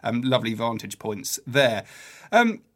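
A man's voice: mid-range voice, big pitch swings, measured pace. A male podcast host talking enthusiastically in an interview and speaking directly to his listeners. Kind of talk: conversational interview.

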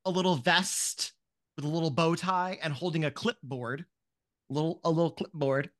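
A game master casually narrates a tabletop game, piling up fillers as they describe the scene. The voice sits at a middle pitch. The delivery is loose and conversational. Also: normal speed, fairly bright tone. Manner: casual, rambling, many fillers like "you see".

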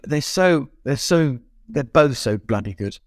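A man co-hosting a casual podcast chat, animated and often exclaiming. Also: medium pitch, measured pace, no room sound, studio quality. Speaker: podcast co-host.

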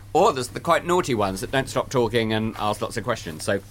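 Middle-aged man, animated Santa trainer, theatrical delivery. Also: medium pitch, moderate pace, a little hiss or hum. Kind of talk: explanatory interview talk.

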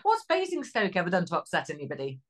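An easygoing middle-aged woman from Cheshire, co-hosts a relaxed weather podcast. Her voice sits slightly low for a woman, and she talks conversationally with a dry, light humour. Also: fast talker. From Cheshire, England. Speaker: podcast co-host, weather presenter. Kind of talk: casual chat.

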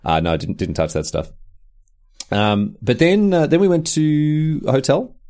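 Male podcast co-host, expressive storyteller, lively swings in pitch. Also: measured pace. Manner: animated storyteller, laughs often, acts out quotes. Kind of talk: casual chat.

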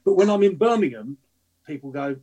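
A man's voice: on the high side, animated, brisk, mellow, rough recording. A man, an actor, telling chatty self-deprecating stories as a guest on a casual podcast.

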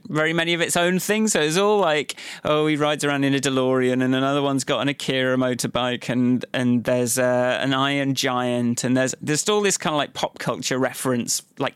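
A man's voice: medium pitch, a bit bright, clear, resonant tone, no room sound. A man talks casually in a rambling, hesitant way, often circling back on his words. His voice sits mid-range, and the recording is dry and close. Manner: rambling, hesitant, many fillers and restarts. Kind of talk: casual chat.

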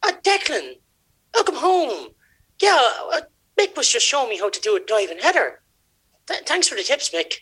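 A man voicing a flustered, bossy middle-aged Irish woman with an Irish accent, talking high and exasperated. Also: huge pitch swings, normal speed, pushed and bright, breathy edge, full character voice. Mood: flustered scolding.

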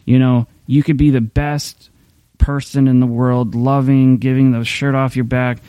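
A middle-aged male pastor talks through a sermon casually and candidly, circling back with fillers and restarts. His mellow, smooth voice is medium-pitched and level, measured in pace, and sits close and dry on the mic with no room sound.

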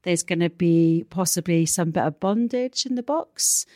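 A woman's voice: fairly low pitch, lively intonation, moderate pace, a little mellow, no echo, studio quality. A woman with a Welsh accent, a guest on a casual chat show, explaining her business step by step with frequent ums. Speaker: guest entrepreneur.

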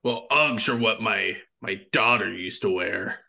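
A man's voice: fairly low pitch, a little slow, gravelly, pushed and bright. A man improvising as a jittery ghost hunter in a tabletop game, with nervous, self-mocking banter. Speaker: player voicing a ghost hunter. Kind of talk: improvised role-play.

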